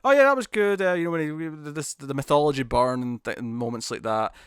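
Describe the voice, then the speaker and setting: Animated male podcast co-host. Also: on the high side, smooth, no echo, clean studio sound. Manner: animated, laughing, quick retelling with acted quotes. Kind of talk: casual chat about TV episodes.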